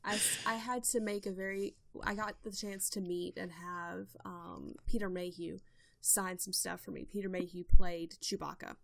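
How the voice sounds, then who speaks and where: A woman hosting a casual podcast chat, playful and quick to laugh. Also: lowish voice, fairly even intonation, creaky, slight background noise. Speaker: podcast host.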